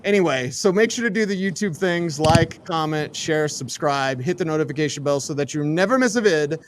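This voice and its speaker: A man's voice: a little high, fairly quick, a little hiss or hum. A man hosting a casual sports radio show. He wraps up with breezy, upbeat patter.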